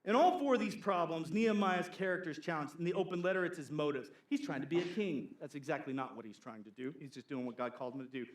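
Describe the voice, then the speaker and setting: A man preaching a sermon as pastor, animated and playful, acting out gossiping church members in funny voices. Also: fairly high pitch, fast, few pauses, roomy sound, a little hiss or hum.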